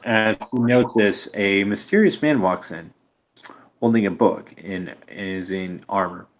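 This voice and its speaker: A man narrating as game master of a tabletop game, halting with many fillers. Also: lowish voice.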